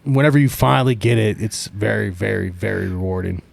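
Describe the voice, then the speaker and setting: A podcast co-host talking in a laid-back, casual way and agreeing often with short replies. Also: male voice, lowish voice, fairly quick, creaky, dry recording. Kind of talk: casual interview chat.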